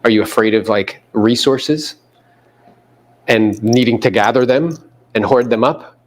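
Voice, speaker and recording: A man's voice: mid-range voice, measured pace. A man giving a live motivational seminar to a room of agents, quizzing the audience and mimicking people in playful voices. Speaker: real estate coach speaking to agents.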